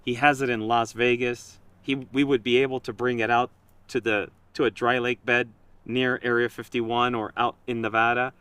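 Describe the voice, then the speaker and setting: A man in casual conversation, telling a story in an animated way and quoting himself and others. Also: mid-range voice, normal speed, clear, resonant tone, dry recording. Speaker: project creator.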